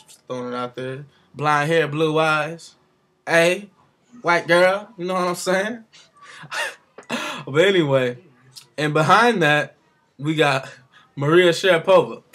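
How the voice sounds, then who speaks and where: A man's voice: a little high, fairly bright tone. A man giving his casual, rambling opinions on the sport, with offhand asides. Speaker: sports commentator vlogger.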